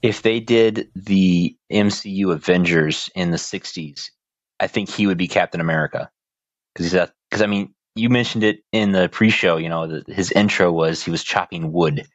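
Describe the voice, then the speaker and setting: A man's voice: deep voice, normal speed, no room sound, lo-fi sound. A man co-hosting a podcast, chatting casually about films in an easygoing, joking way. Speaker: podcast co-host. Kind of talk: casual movie review chat.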